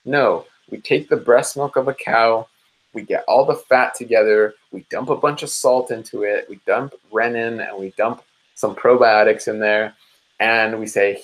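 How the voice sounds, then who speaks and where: A man's voice: on the low side, moderate pace, low-quality recording. A man in his twenties or thirties hosting a live diet support session, talking casually and energetically and calling viewers "guys". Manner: mimics listeners in animated quoted asides. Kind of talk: casual live-stream advice talk.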